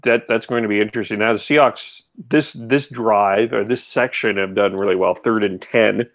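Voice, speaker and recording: A man's voice: lowish voice, fairly even intonation, normal speed, fairly bright tone, dry recording. A man co-hosting a live football reaction stream, chatting easily with dry jokes. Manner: easygoing, dry jokes, hesitant restarts. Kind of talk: casual sports chat.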